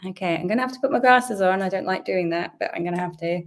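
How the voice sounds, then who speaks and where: A British woman from the UK, a little croaky from a sore throat, hosting a chatty, upbeat live-stream Q&A from home and greeting her viewers. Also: medium pitch, fast. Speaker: host. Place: home indoors.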